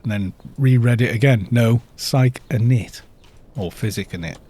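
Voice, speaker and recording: A man streams a game live, chatting casually and spinning rambling stories between comments on his play. His mid-range voice moves at a moderate pace over background noise.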